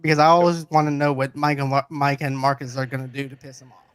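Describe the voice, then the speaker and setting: A man hosting a casual movie review chat, recapping the plot in a lively way and quoting the characters. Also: medium pitch, fast talker, smooth, no room sound. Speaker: podcast host.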